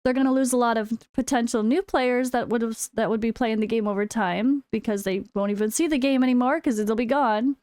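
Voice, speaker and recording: A woman's voice: on the high side, steady tone, fairly quick, hardly any pauses, darkish tone, no echo, clean studio sound. An American woman, a full-time gaming content creator, talking candidly to her viewers in a casual vlog, with wry sarcastic asides. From United States. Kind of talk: casual chat.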